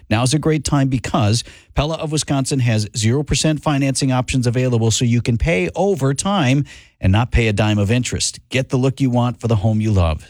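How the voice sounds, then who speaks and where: A man's voice: medium pitch, darkish tone, dry recording. A man hosting talk radio, moving between conversational ad reads and news updates.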